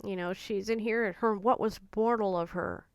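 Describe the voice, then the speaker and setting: A woman vlogger talking in an earnest, gentle and confiding way about her own feelings. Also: mid-range voice, fairly even intonation, normal speed, clear, resonant tone, no echo. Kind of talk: personal reflective talk to camera.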